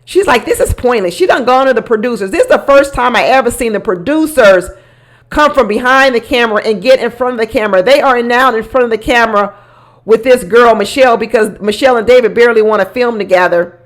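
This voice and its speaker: Sassy animated woman commentator. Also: fairly high pitch, fast talker. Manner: sassy, animated, talks back to people on screen. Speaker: reality show commentator. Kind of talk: casual commentary.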